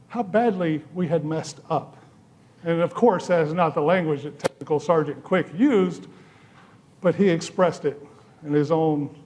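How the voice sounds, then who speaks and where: A man, a pastor preaching a sermon, telling a personal story with dry humor and measured pauses. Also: on the high side, darkish tone. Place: church sanctuary.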